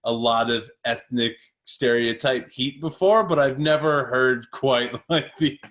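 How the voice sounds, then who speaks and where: A man's voice: medium pitch, fairly even intonation, a little slow, fairly bright tone. A man in his thirties co-hosting a podcast, chatting casually and animatedly, laughing often and leaning on fillers. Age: 30s. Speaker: podcast co-host. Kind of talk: casual chat.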